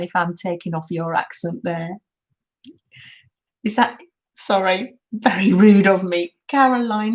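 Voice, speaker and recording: An older woman hosting a craft livestream, chatting affectionately with viewers and reading out comments in a gushing, exclamatory way. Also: medium pitch. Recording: dull, lo-fi stream audio with faint noise.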